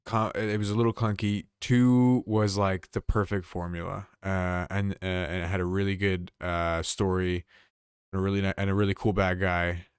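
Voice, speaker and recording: Young man, podcast co-host, casual chat, low smooth voice, dry close sound. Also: flat delivery, normal speed, no room sound. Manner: rambling, exasperated storytelling with frequent swearing.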